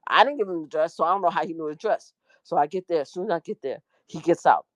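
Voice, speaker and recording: Animated middle-aged woman retelling a story. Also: quick pace, dry recording. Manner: animated, slangy, jumps into high voices to act out quotes. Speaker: media personality recapping a trial. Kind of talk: casual storytelling breakdown.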